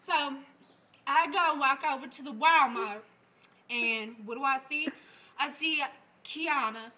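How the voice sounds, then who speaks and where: A man voicing a brash, crude young woman who laughs through her loud improvised comic story. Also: extremely high pitch, slow, heavily acted, rough recording.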